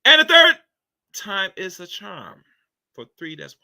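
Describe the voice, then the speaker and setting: A man talks through his opinions in a loose, preachy ramble, leaning on fillers as he goes. His voice is sharply bright with a slightly raised pitch, and he comes across as pointed and talky. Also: big pitch swings, takes it slowly, vocal fry. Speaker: commentary channel host. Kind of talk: casual opinion commentary.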